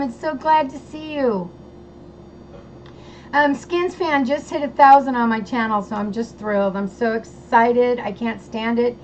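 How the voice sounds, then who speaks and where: Bubbly high-voiced woman livestreaming. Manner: bubbly, gushing, greets chatters by name. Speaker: livestream host. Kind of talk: casual livestream chat. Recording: dull lo-fi sound with faint noise.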